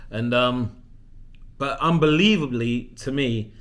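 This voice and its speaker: A man, talking casually to camera and telling an animated, self-mocking story. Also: mid-range voice, slow pace. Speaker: vlogger. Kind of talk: casual vlog monologue.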